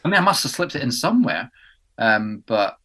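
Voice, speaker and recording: A man's voice: medium pitch, sing-song, a little fast, bright, forceful tone. A young man from England, an actor co-hosting a podcast, chatting casually and rambling with many ums and restarts. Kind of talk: casual chat. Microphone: podcast mic indoors.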